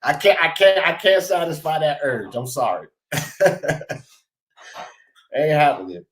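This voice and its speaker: A man's voice: a little high, big pitch swings, unhurried, a bit bright, roomy sound. A man hosting a casual live sports talk show, slangy and emphatic, laughing often. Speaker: show host.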